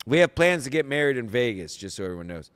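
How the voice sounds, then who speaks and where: A man's voice: medium pitch, very animated, fast talker, smooth, big-room sound. A man hosting a podcast in casual solo chat, rambling, sarcastic and profane. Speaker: podcast host.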